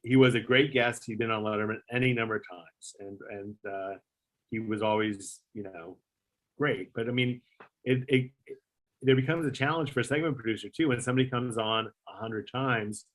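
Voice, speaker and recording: A man's voice: mid-range voice, normal speed, a bit bright. A middle-aged man, a former talk show producer, telling a story in a casual interview, acting out the voices he quotes and filling his talk with fillers and swearing.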